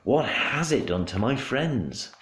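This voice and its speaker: A man's voice: medium pitch, very animated, takes it slowly, voice pushed up. A man voicing an anxious young girl who startles easily, in a storybook reading. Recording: roomy home room.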